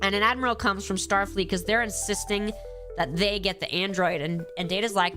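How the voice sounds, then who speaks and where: A woman's voice: mid-range voice, a little fast, soft background music. Congested woman gushing on a live stream. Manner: animated, gushing, acts out quoted lines. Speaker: streamer ranking episodes. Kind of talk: casual live-stream chat.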